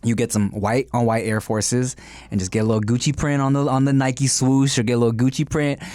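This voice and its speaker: A man's voice: mid-range voice, level tone, a little fast, a little mellow, no room sound. Joking podcast co-host man, dry studio sound. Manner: joking, profane, mock-formal phrasing. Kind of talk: casual podcast banter.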